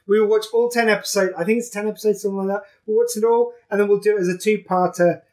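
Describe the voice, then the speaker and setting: Podcast host, casual chat, laughs a lot, swears, middle pitch. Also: fairly even intonation, racing, darkish tone.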